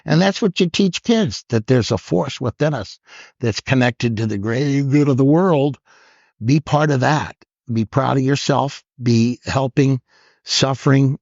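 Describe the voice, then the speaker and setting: A man in his sixties, a comedian, telling lively stories on a podcast and acting out the lines of other people. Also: medium pitch, unhurried, vocal fry, dry recording. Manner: animated storyteller who acts out other people's lines. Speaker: guest comedian. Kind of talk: storytelling interview. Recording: dull lo-fi podcast audio.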